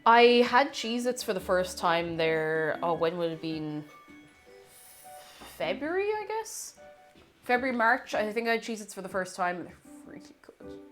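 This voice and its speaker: Over soft background music, a woman with a medium-pitched, slightly slow voice cooks live in her home kitchen. She chats casually, reads messages aloud, and excitedly greets viewers, sometimes moving away from the mic as she cooks.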